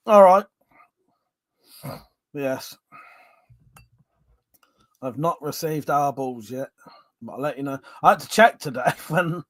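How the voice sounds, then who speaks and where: Here a man hosts a relaxed livestream from home, banters over viewer comments he reads aloud, swears freely, laughs a lot and drinks. His voice is fairly high and a bit bright, with no room sound.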